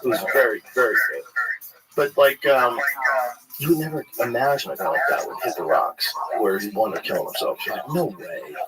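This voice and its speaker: Male comedian-host, mid-pitched, rambling storyteller who swears freely, loud crowd behind him. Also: expressive, a little fast, low-quality recording. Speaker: stand-up comedian and podcast host. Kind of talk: casual storytelling chat.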